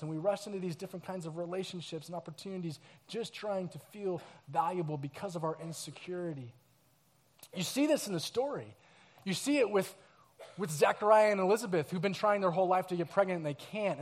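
High-voiced storytelling pastor, a man. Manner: storytelling, animated, acts out scenes and quotes. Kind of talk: sermon.

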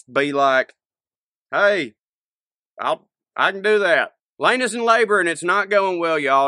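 A man recapping a TV episode in a folksy, jokey way and slipping into quick character voices. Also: fairly high pitch, pushed and bright, no echo. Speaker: podcast co-host. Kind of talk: casual comedic recap.

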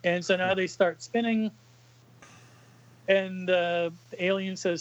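A man co-hosting a podcast, recounting a comic book page by page in a casual, halting way with many fillers. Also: high-pitched, steady tone, dull audio. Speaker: podcast co-host reading a comic aloud. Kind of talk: casual chat.

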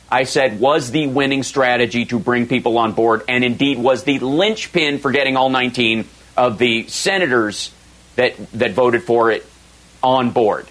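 A man's voice: medium pitch, a bit bright, poor audio. A man hosting a radio talk show, talking casually and sarcastically about politics in a rambling way.

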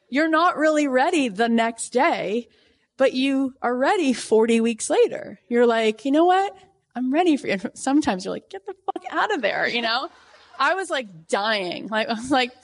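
A woman host giving a casual motivational talk, chatty and full of "like" and "right?", acting out her own reactions with big jumps in pitch. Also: a little mellow. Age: adult with a young daughter. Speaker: podcast host.

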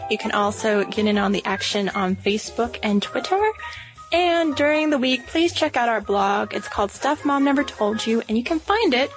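Gravelly-voiced woman podcast co-host. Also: a little high, normal speed, soft background music. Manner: relaxed, conversational. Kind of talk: casual podcast chat.

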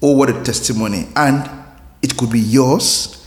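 A man's voice: mid-range voice, normal speed. A man hosting a devotional, speaking earnestly and asking repeated questions. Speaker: devotional host. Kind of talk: slow devotional reflection. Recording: roomy reverb with soft music.

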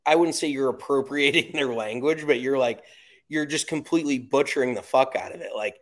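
A man's voice: mid-range voice, brisk. Profane, ranting American man. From United States. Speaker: golf podcast co-host. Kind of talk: casual chat.

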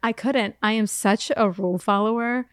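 A woman's voice: fairly high pitch, moderate pace, no room sound, clean studio sound. A woman podcast co-host telling a story in casual chat, acting out the voices and laughing often.

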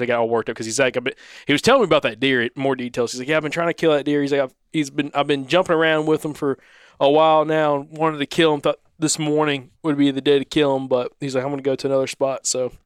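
This podcast co-host, a man with a medium-pitched, clean-toned voice, recounts a hunting story casually and at rambling length. He restarts thoughts and acts out what people said. The audio is studio quality with no echo.

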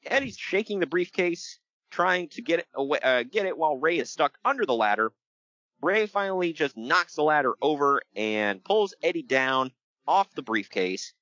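Animated guy recapping old wrestling matches on a podcast, bright voice, kinda lo-fi and dry. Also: on the high side, moderate pace, dry recording. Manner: animated, laughs often, breaks into loud impressions. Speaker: podcast co-host. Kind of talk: casual wrestling recap chat.

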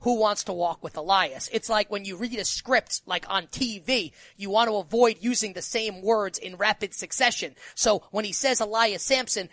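A man's voice: sits high, normal speed, few pauses, a bit bright, no echo. A man co-hosting a casual podcast, ranting animatedly and filling his talk with "like" and "who cares". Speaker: podcast co-host. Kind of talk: casual wrestling podcast chat.

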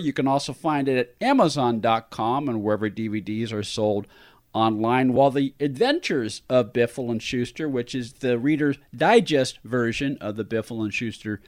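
A man hosting a chat, reading out release and streaming details in a brisk promotional way. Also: mid-range voice, a little mellow. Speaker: host. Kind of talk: reading announcements.

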